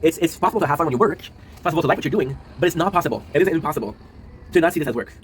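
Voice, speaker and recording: Fast-talking weary young man venting. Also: a little high, lively intonation, slight background noise, low-quality recording. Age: 20s. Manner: rambling, often adds a tag question and swears. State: low and worn out. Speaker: streamer and video creator. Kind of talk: casual confessional monologue.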